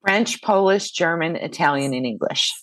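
A woman's voice: lowish voice, animated, normal speed, a bit bright, dry recording. A woman talking as a guest in a casual chat, wry and laughing at her own stories.

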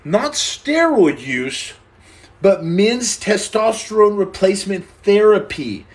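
Speaking slowly in a voice that sits high, this American livestreamer answers viewer questions with jokes and playful energy. He acts out small scenes, repeats himself, and often stammers before starting over.

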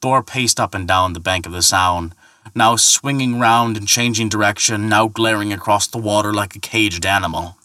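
Give me a man narrating a myth in a measured way, with a bright, dry sound. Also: lowish voice, no room sound. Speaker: storyteller. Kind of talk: scripted narration.

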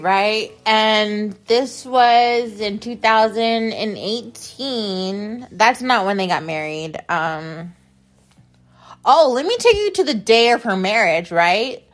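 A young adult woman hosting a podcast, telling a personal story in a rambling, blunt, profane way, often repeating herself. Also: a little high. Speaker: podcast host. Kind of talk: casual storytelling monologue.

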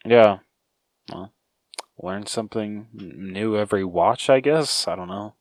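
A man's voice: lowish voice, measured pace, darkish tone, no echo, clean studio sound. A man co-hosting a podcast, chatting casually and a bit hesitantly about movies. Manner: chatty, hesitant, says um and dude a lot. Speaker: podcast co-host.

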